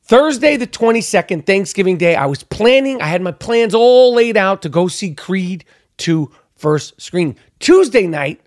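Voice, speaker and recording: A man's voice: high voice, expressive, unhurried. A man hosting his podcast, telling a story as a casual rant, swearing a lot and repeating himself for emphasis. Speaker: podcast host.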